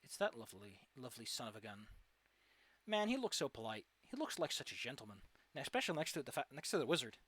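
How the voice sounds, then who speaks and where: A man's voice: mid-range voice, sing-song, quick pace, fairly bright tone, slightly rough, no echo. A young man streaming a game and talking casually, ranting sarcastically and swearing freely as he plays. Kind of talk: casual gaming stream chat.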